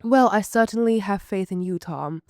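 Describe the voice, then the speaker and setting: A woman's voice: mid-range voice, moderate pace, darkish tone, no echo, clean studio sound, close to an everyday voice. A woman voicing a poised, polite woman patron in her late forties with a transatlantic British-American accent, speaking effusively. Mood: gracious. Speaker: student reader. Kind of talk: amateur story reading.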